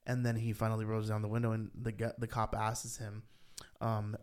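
A man co-hosting a podcast, chatting casually and rambling with lots of "like", his voice rising when he gets worked up. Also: brisk. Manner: rambling, heavy use of "like", rises in pitch when animated. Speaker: podcast co-host. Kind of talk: casual chat.

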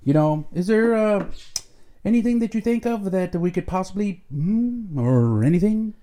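A man's voice: sits high, animated, moderate pace, mellow. A middle-aged man hosting a podcast at home, chatting casually in a rambling, joking way with Spanish slang mixed in. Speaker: podcast host. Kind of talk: casual chat.

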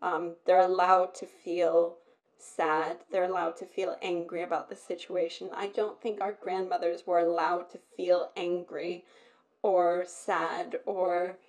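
A woman talking openly in a casual conversation, expressive and candid, often slipping into quoted voices. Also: lowish voice, measured pace, rough recording. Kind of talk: casual chat.

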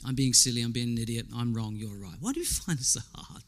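A man's voice: mid-range voice, lively intonation, quick pace. A man preaching a sermon in a conversational way, asking his listeners rhetorical questions, repeating words as he goes and quoting people in character.

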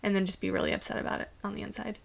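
Young woman, podcast co-host, sarcastic, swears a lot, gravelly fry in her voice, mid-pitched. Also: level tone, rapid-fire. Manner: profane, sarcastic storytelling. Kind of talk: casual podcast chat.

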